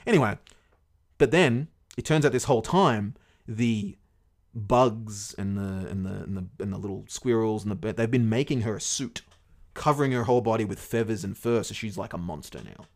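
A man's voice: on the low side, moderate pace. A man casually retelling a fairy tale to his podcast co-host, rambling and swearing along the way. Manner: rambling, swears often, many fillers.

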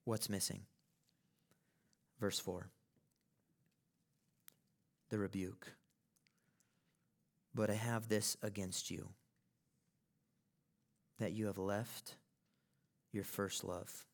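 A man's voice: on the low side, level tone, very slow, pauses often. A male pastor preaching a sermon in an emphatic way, building to impassioned peaks.

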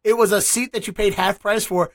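High-voiced chatty podcast host man. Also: steady tone, fairly quick. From Baltimore. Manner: chatty, meandering questions. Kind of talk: casual podcast interview.

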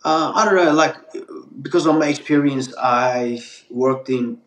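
A man's voice: medium pitch, a little slow, a bit bright, echoey room. Turkish-accented man, rambling and chatty. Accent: Turkish with a slight Australian tinge. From Turkey. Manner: rambling, many fillers and restarts, laughs easily. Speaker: pizza maker, podcast guest. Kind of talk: casual podcast interview.

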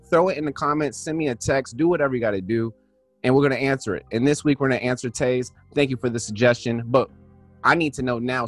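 A relaxed man hosts a podcast in loose, casual talk. His voice sits at an ordinary middle pitch. Soft music plays faintly behind him. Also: fast talker. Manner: laid-back, drops "man" and "you know what I'm saying" often. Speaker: podcast co-host. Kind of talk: casual chat.

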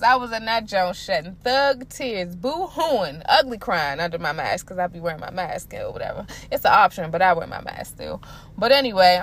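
A young woman tells a personal story on her solo podcast. She talks in a loose, chatty, animated way, full of slang and asides, and her voice sits a little on the high side. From Maryland, USA. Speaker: podcast host. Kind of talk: casual solo podcast talk.

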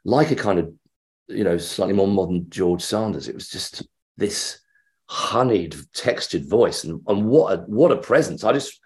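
A man's voice: on the low side, moderate pace. A middle-aged man from England, an actor being interviewed, telling an anecdote and acting out the voices in it. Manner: animated storyteller acting out quoted voices.

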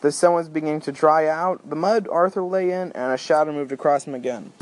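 A man reading a novel aloud in a steady storytelling manner. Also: fairly high pitch, brisk. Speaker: audiobook reader. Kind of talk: audiobook narration.

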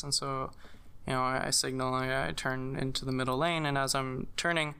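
A young man telling a personal story in casual conversation, halting, with many fillers and restarts. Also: medium pitch, flat delivery, creaky, pushed and bright, clean tone. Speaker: guest sharing a personal story.

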